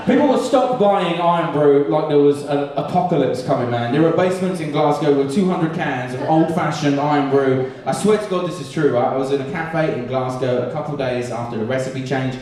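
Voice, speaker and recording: A man from England doing a sweary, animated stand-up set, telling stories and slipping into character voices. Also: a little high, brisk, few pauses. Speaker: stand-up comedian. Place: comedy club stage with audience. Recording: echoey live room, distant mic.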